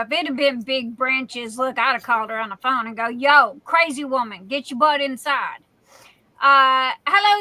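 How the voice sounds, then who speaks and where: A high, bright-toned woman hosts a relaxed live stream and takes her time, with fillers trailing between her words. Her sound is close and dry. She greets her viewers by name in a chatty, folksy way, full of playful catchphrases. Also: no room sound. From Louisiana, USA. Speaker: livestream host.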